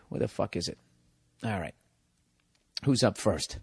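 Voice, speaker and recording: A man's voice: lowish voice, lively intonation, measured pace, creaky, breathy edge. A man hosting a podcast, telling a rambling, profane comic story and breaking in to act out other people's voices. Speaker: podcast host.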